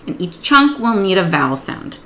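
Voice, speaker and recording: A woman teaching early literacy, explaining a workbook lesson step by step and slowing down to sound out words and syllables. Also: medium pitch, very animated, fairly bright tone, a little hiss or hum. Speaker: literacy tutor. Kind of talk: instructional demonstration.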